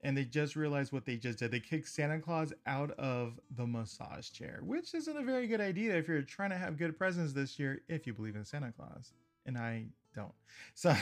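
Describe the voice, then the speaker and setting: Man, podcast host, casual recap, chatty, laughs a lot, slightly high voice. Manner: chatty, laughs often between remarks.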